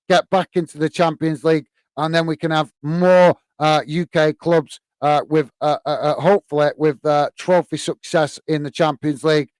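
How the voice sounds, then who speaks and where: A man's voice: fairly high pitch, smooth, no echo. A man from the UK hosting a live football watch-along, reading viewer comments in a hesitant, friendly way with lots of fillers and calling people mate.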